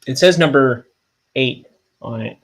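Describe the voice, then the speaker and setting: A young man, a cartoonist, rambling in a meandering, self-deprecating way with deadpan jokes while he works. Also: medium pitch, a little slow. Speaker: cartoonist inking his graphic novel. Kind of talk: casual rambling studio vlog.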